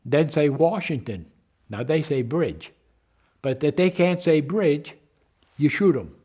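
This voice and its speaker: A very old man in his nineties tells his wartime memories to the camera. His voice sits a little high for a man, and he stumbles along, repeating and restarting words as he goes. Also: expressive, slow pace, mellow, husky. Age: 90s. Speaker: war veteran. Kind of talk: personal war memory told to camera.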